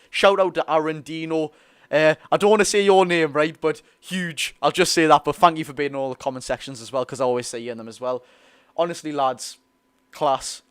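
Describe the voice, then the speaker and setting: Chatty young Geordie fan streamer. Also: male voice, on the high side, clear, resonant tone, no echo. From North East England. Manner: chatty, excitable, reads chat aloud. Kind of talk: casual live watch-along chat.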